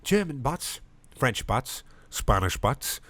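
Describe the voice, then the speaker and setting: A man's voice: mid-range voice, sing-song, slow, fairly bright tone, no room sound, pitched above the performer's own voice, exaggerated voice. A man doing a lovestruck Irish pound coin. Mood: rousing. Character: lovestruck sentient male pound coin, tender and earnest.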